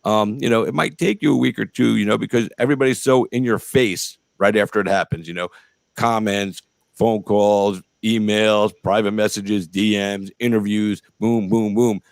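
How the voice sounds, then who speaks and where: A man's voice: lowish voice, steady tone, moderate pace, vocal fry, dry recording. Rambling, foul-mouthed male interview host. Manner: rambling, profane, lots of fillers. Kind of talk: casual interview chat.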